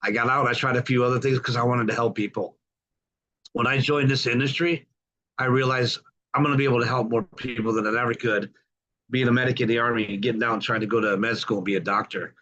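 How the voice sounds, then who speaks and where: A man's voice: mid-range voice, fairly even intonation, quick pace, pushed and bright. Folksy middle-aged man hosting a call. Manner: enthusiastic, folksy, repeats welcomes. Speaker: host of a group call podcast. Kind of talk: upbeat welcoming group call. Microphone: computer mic on a video call. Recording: dull lo-fi call audio.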